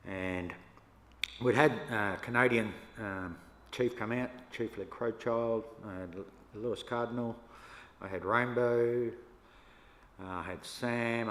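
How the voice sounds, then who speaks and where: An older Australian man, a First Nations elder, telling stories to an audience in a relaxed, yarning way with laughs between them. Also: lowish voice, a little slow. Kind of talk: storytelling talk to an audience. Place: church hall. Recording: echoey hall, faint room noise.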